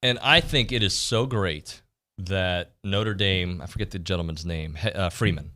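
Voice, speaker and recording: Low-pitched guy hosting sports radio, casual back and forth, trails off and restarts a lot. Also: moderate pace, sharp tone.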